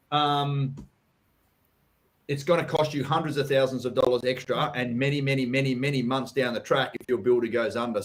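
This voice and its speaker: An Australian man hosting a live property Q&A, talking bluntly and casually, swearing freely and calling people mate and buddy. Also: medium pitch. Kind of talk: casual live-stream chat.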